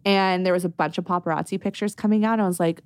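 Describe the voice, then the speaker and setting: A woman, a brand founder, telling stories in a casual podcast interview, animated and full of "like". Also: on the low side, clear, resonant tone, no echo. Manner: animated, quick, lots of "like".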